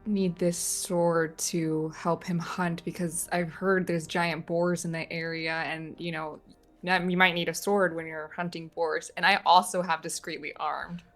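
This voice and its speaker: A woman playing a tabletop game, speaking in a measured, deadpan way. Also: fairly low pitch, faint music behind. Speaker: player.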